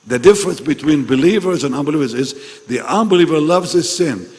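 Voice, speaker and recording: A man preaching a sermon to pastors, his voice still strained from losing it, swinging between loud calls and hushed asides. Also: a little high, animated, a little fast. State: recovering from a lost voice. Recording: long hall reverb.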